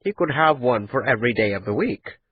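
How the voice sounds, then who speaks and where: A man voicing an old, fat, rich merchant who is boastful and shrewd, with a husky, booming delivery. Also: lively intonation, brisk, narrow, tinny audio. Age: older.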